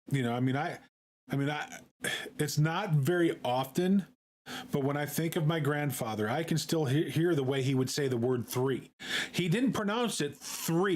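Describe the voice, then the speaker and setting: A man streaming, talking in a casual, halting way with many fillers and repeated words. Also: fairly high pitch, darkish tone. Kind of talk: casual live-stream chat.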